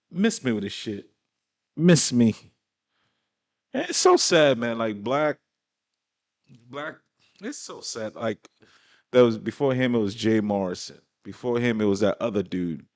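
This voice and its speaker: A man's voice: mid-range voice, a little mellow, no room sound. Blunt, exasperated man reacting on a dry mic. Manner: blunt, exasperated, profane, slangy. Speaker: commentator reacting to a clip. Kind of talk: casual reaction commentary.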